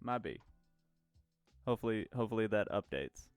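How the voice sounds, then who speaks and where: Lively-voiced casual podcast host. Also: male voice, fairly low pitch, fairly quick, smooth, dry recording, faint music behind. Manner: easygoing questions, hesitant starts.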